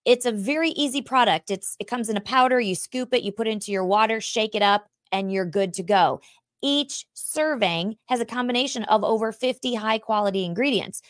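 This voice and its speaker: A woman's voice: fairly high pitch, a bit bright, no echo, studio quality. A woman hosting a talk show, reading a sponsor spot and chatting with a guest in a bubbly, effusive way. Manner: bubbly and effusive, quick to laugh. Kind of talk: casual interview chat.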